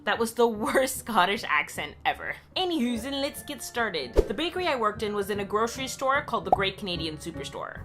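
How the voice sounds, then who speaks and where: A young woman telling a story in a casual vlog, quick and joking with crude humor. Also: on the high side, fairly bright tone. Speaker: vlogger.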